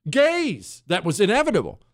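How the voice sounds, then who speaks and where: A middle-aged U.S. talk radio host rants in a combative, sarcastic monologue, rambling with restarts and asides. His high voice swoops wildly in pitch at normal speed, and the clean studio recording has no room sound.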